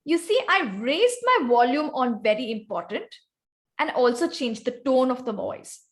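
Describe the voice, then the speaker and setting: A woman's voice: high-pitched, expressive, normal speed. Indian woman teaching a speaking workshop. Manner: instructive, calls on volunteers by name. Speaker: guest speaker teaching vocal variety. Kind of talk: online club workshop presentation.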